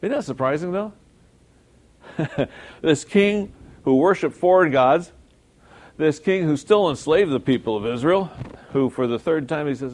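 A man's voice: on the high side, expressive, a little slow, long pauses, darkish tone. A man preaching a sermon in a conversational way, firing off rhetorical questions and correcting himself as he goes.

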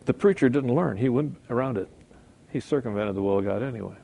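A man's voice: mid-range voice, fast, gravelly, warm tone. A middle-aged male pastor preaching a sermon in a conversational way, often checking in with the congregation.

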